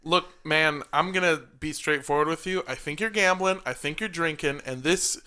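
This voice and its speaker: A man's voice: fairly high pitch, normal speed, pushed and bright, clear, resonant tone. A man playing a stern, smarmy realtor boss in a mock-formal, salesman patter.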